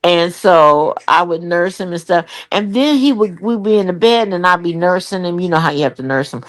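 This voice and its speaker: This older woman's voice is fairly low and moves at normal speed. As an interview guest and comedian, she tells candid, profane stories, animatedly acting out the people in them with voiced quotes.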